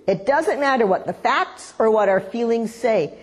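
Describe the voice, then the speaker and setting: A woman preaching a sermon, telling a story in a lively way and acting out the voices in it. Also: a little high, moderate pace, hardly any pauses, husky. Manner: animated storytelling, acts out voices in quotes. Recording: long hall reverb.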